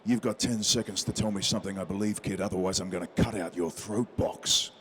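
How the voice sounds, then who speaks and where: A man's voice: low-pitched, steady tone, fairly quick, slight background noise, voice pushed down, lightly acted. A man putting on a menacing military killer's growl.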